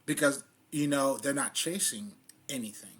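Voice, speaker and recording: A man's voice: medium pitch, moderate pace, fairly bright tone, husky. A man giving a loose, casual spiritual monologue in street slang, swearing freely and often laughing at himself. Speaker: spiritual vlogger.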